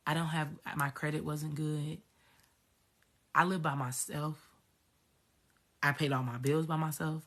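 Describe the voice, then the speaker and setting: Woman, low husky voice, blunt and profane, personal vlog storytelling. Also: flat delivery, a little slow, pauses often, a bit bright. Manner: emphatic, profane, repeats herself. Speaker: spiritual coach.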